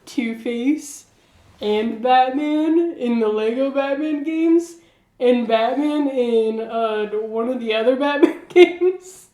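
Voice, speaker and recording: Woman co-host, slow unhurried delivery, giggly and chatty, recorded in a roomy echoey room. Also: high voice, warm tone. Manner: giggly, heavy use of "like" fillers. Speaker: podcast co-host. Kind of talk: casual chat.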